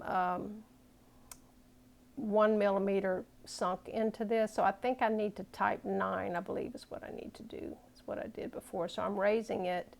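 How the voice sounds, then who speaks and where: A woman with a gravelly, creaky edge to her voice, talking through a screen tutorial. She explains each step casually and thinks aloud as she works, at an ordinary middle pitch. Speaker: craft tutorial maker.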